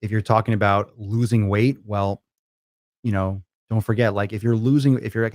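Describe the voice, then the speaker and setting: A male fitness host takes listener questions in a loose, rambling way. His speech is blunt and laced with swearing, and his voice sits on the low side. The recording is dry and close, with no room echo. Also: fairly even intonation, fairly quick, darkish tone. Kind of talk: casual listener Q&A.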